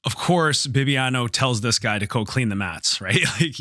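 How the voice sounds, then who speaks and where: A man's voice: mid-range voice, moderate pace, no room sound, clean studio sound. A man hosting a podcast, telling a story casually and with swearing, acting out the quoted lines of the people in it. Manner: animated, profane, acts out quoted dialogue. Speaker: podcast host.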